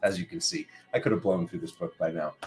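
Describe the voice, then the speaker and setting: A man's voice: deep voice, fairly even intonation, fast talker, darkish tone, soft background music. A man hosting a spiritual tarot live stream who has just woken up, chatting playfully and calling out viewers by name. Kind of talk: casual live-stream chat greeting viewers.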